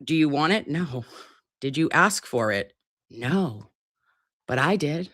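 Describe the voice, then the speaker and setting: A woman's voice: low voice, slow, no room sound, studio quality. A woman hosting a casual live stream, chatting to her viewers in a playful, teasing and profane way. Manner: animated, swooping delivery.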